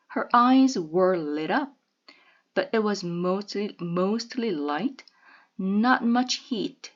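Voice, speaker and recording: A woman reading a children's novel aloud in a measured, expressive way. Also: medium pitch, lo-fi sound.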